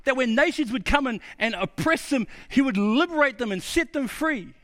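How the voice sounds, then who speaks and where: A man's voice: extremely high pitch, expressive, normal speed, fairly bright tone. A male pastor preaching a sermon, emphatic and fond of repeating key words. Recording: long hall reverb.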